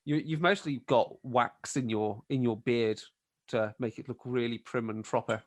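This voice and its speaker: A man's voice: mid-range voice, moderate pace. Man rambling as game master. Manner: rambling descriptive narration with fillers. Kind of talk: narrating a tabletop game.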